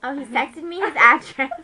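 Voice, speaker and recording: A woman's voice: high voice, poor audio. A teenage girl playing a snarky, ditzy teenage girl who rambles profanely while gossiping about a date. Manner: rambling, profane, bratty, giggly asides. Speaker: comedy vlogger. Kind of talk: improvised comedy monologue.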